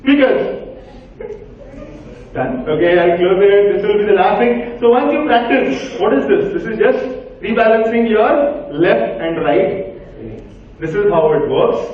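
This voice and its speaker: A man with an Indian English accent giving an interactive workshop talk, directing volunteers with short commands. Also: high-pitched. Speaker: workshop speaker. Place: large hall with an audience. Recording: echoey hall, far from mic, tinny.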